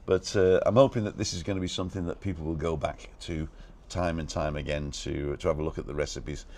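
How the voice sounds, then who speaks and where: A man hosting a casual live stream from a balcony, talking fast and reading out viewers' comments and names. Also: very deep voice, steady tone, darkish tone. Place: balcony outdoors.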